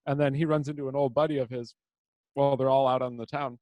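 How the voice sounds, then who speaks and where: A man's voice: medium pitch, quick pace, no room sound. Young american man, podcast co-host, crude banter, lots of fillers, dry close mic. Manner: rambling, animated storytelling with many fillers.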